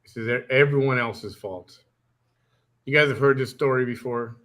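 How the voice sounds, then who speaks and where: A man with a mid-pitched voice talks in a casual commentary style. He reacts to a clip with dry, sarcastic asides. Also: moderate pace, a bit bright.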